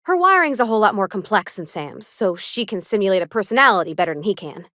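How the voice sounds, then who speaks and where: Sweet folksy young engineer gal, bouncy lilt, dry close sound. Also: female voice, medium pitch, very animated, quick pace, pushed and bright, no room sound. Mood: sweet, earnest. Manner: folksy homespun drawl, shy and kindly. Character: sweet earnest young woman ship engineer. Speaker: game companion character. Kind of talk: video game voice acting.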